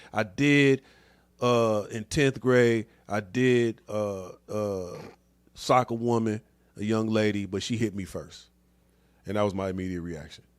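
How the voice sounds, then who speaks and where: A man's voice: fairly low pitch, no echo. A middle-aged man hosting a casual chat show, talking loosely in slang and laughing often. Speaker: podcast host.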